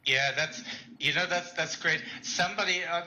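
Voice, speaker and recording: A man co-hosting a livestream, chatting casually, animated and laughing, often repeating words. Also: fairly high pitch, normal speed, dull audio. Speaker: stream co-host. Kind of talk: casual chat.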